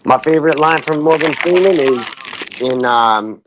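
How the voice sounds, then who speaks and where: A man's voice: on the high side, measured pace, noisy background. Loose, profane New York man chatting. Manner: loose, laughing, profane banter. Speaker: podcast co-host. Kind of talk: casual chat.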